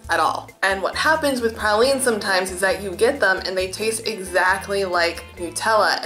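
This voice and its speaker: Young woman vlogging a food taste test, gushy and excited, goes all soft while she eats, faint music behind. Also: mid-range voice. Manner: gushing, enthusiastic, drops to soft murmurs while eating. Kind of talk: chatty food tasting vlog.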